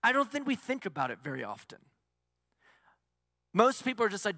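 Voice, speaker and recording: A man's voice: sits high, very animated, moderate pace, sharp tone, dry recording, studio quality, big-room sound. A male pastor preaching a sermon, asking the congregation questions and answering them himself.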